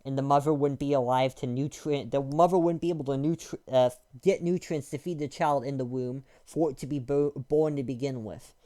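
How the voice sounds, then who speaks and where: A young man with a dark, mellow and smooth voice delivers a rambling, irritated rant. He talks crudely and loosely, with lots of fillers and restarts. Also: mid-range voice, fairly quick, few pauses. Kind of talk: casual ranting monologue.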